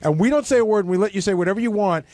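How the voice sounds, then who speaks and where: A man's voice: high-pitched, racing, darkish tone, no room sound. A man in a heated casual radio chat, pressing his point in a pointed, needling way. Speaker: radio show panelist.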